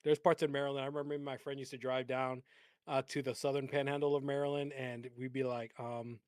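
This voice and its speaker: A man's voice: medium pitch, level tone, a little fast, darkish tone, clear, resonant tone, dry recording, studio quality. A man co-hosting a live trading stream, chatting casually, joking and laughing between rambling asides. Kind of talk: casual livestream banter.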